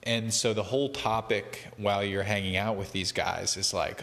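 A man's voice: lowish voice, fairly even intonation, normal speed, vocal fry, hardly any pauses, a bit bright, big-room sound. A young man chatting casually to the camera, rambling and breaking off to laugh at his own stories. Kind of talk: casual chat.

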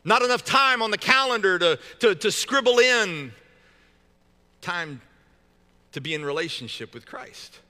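A man pastor delivers a sermon with a high, very bright and forceful voice. His delivery is casual and joking, full of repeated words and restarts. The sound rings out with the long reverb of a large church hall. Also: animated, a little slow, pauses often.

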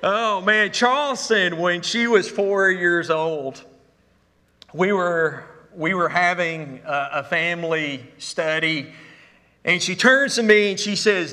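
Bright-voiced preacher in a hall. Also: male voice, a little high, unhurried. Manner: storytelling with humor, Southern "y'all". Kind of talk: sermon. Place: church sanctuary. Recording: echoey hall.

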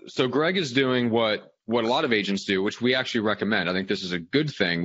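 A man's voice: lowish voice, a bit bright. A man co-hosting a podcast, joking and teasing his guests in a casual chat, on a dull lo-fi recording. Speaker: podcast co-host.

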